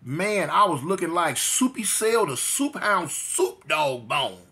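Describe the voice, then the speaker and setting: A man's voice: sits high, big pitch swings, slow pace, sharp tone. A middle-aged man from telling his life story in slangy street talk, full of fillers. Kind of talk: casual storytelling.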